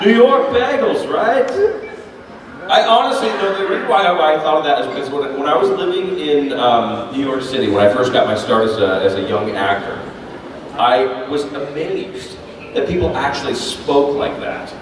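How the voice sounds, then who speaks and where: A man's voice: mid-range voice, moderate pace. A man, a voice actor answering fan questions at a convention panel, telling stories with lots of laughter. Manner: animated, laughing, storytelling, swears casually. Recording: echoey hall from far off, noisy.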